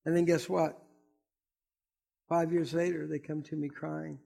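Fiery high-voiced preaching man. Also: level tone, unhurried, vocal fry, long pauses, mellow. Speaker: pastor. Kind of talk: sermon.

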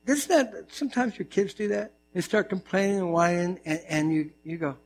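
Male pastor, high voice, animated sermon, jokey storytelling, mains hum behind. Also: unhurried, vocal fry, pauses often.

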